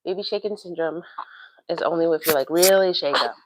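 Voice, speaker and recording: A woman's voice: on the low side, fairly quick, background noise. A young woman vlogging from home in a casual livestream, chatting about parenting with lots of "like" fillers. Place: home, doing chores. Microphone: livestream mic.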